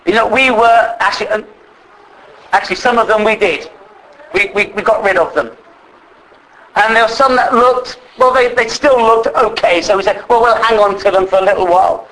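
Male preacher, fairly high voice, earnest sermon delivery that slows for emphasis. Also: fairly bright tone, rough recording. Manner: earnest, slows down to stress scripture.

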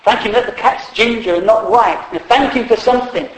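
A man's voice: high voice, a little fast, slight background noise. A man preaching a sermon in a humorous, conversational way, acting out quotes along the way. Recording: echoey hall.

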